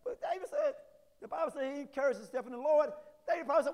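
A high-voiced man preaches a sermon, rising into shouted peaks and dropping into folksy asides. His voice rings through a church hall with a long reverb. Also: rapid-fire. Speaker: pastor. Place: church sanctuary.

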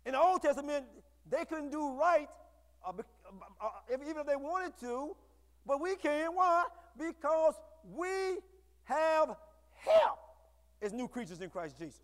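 A man preaching a sermon to his congregation, with call-and-response and bursts of shouting. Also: extremely high pitch, sing-song, normal speed. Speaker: pastor. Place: church sanctuary. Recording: echoey hall.

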